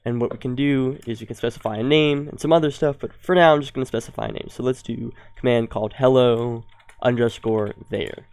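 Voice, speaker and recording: A young man walks through a coding tutorial in a smooth, clear voice at an ordinary pitch. He thinks aloud, dropping ums and correcting himself mid-sentence. The sound is close and dry, with keyboard typing nearby. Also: steady tone, fairly quick, darkish tone, no echo. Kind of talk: screen-recorded coding tutorial.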